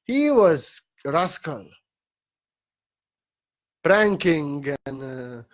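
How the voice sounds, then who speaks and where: Man, spiritual teacher, playful and laughing, loud bursts and soft murmurs, muffled recording. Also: a little high. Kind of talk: informal spiritual talk. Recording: slightly dull lo-fi audio.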